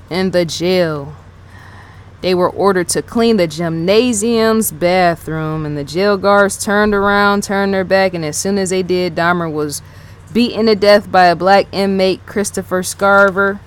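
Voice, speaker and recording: A woman giving casual unscripted commentary as a channel host, rambling, rereading her notes aloud and repeating herself, with many "yes" and "right?" fillers. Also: on the low side. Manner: fills talk with "yes", "right?" and "in fact".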